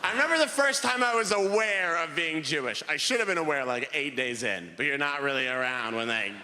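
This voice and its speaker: A young man performing a stand-up routine on stage, telling animated stories and acting out the people in them. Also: on the high side, a little fast, noisy background. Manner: animated storytelling, acts out quoted voices. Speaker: stand-up comedian. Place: theater stage with live audience. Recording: live hall with room reverb.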